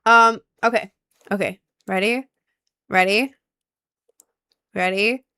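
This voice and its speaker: A young American woman with slight Southern and New York touches, chatting casually as a gaming streamer and repeating excited exclamations. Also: mid-range voice, takes it slowly, smooth. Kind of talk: casual live-stream chat.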